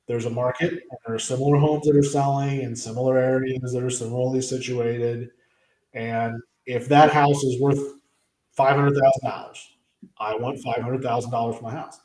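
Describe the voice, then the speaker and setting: A man's voice: medium pitch, a little mellow, poor audio. A man, co-hosting a talk show and explaining step by step in a casual way. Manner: explains history step by step, acts out dialogue. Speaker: co-host.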